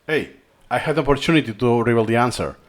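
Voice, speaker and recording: Speaking quickly in a medium-pitched voice, a man with a Spanish accent explains a learning tutorial over a screen recording. He's a native Spanish speaker from Spain who thinks aloud and repeats himself.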